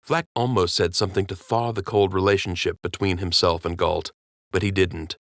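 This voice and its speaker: A man reading an audiobook as narrator in measured, even storytelling. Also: sits low, no echo, clean studio sound. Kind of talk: scripted narration.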